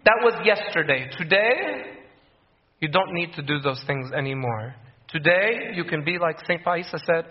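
A man's voice: high voice, very animated, moderate pace. A man preaching a sermon, earnest, repeating key phrases and acting out the voices of people in his stories. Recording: echoey room, dull lo-fi sound.

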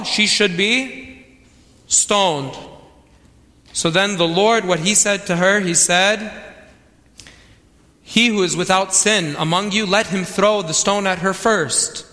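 Man, preacher, sermon, emphatic repetition, high bright voice, long church reverb. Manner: emphatic, repeats key phrases.

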